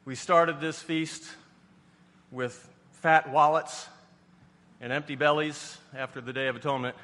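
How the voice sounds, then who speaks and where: A man from New York preaches to his congregation in a folksy, chatty way that builds to emphatic passages. His voice is bright and forceful. It rings with long reverb through a large hall. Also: fairly high pitch, steady tone, fairly quick. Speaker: pastor. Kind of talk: sermon.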